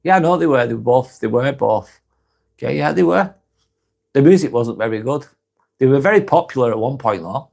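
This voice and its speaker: A man's voice: mid-range voice, lively intonation, normal speed, creaky, darkish tone. A man with a British accent hosting a casual live stream, reading out viewer comments and answering them bluntly, swearing freely and often laughing.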